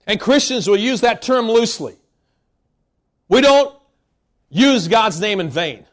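Very high-voiced emphatic male preacher. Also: animated. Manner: emphatic preaching that bursts into shouts; scolding, drawn-out emphasis. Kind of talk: sermon.

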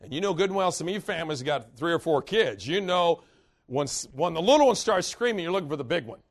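Preaching to a church, a man tells folksy tales about himself in an animated way, with bursts of laughing. His voice runs on the high side and he keeps a quick pace.

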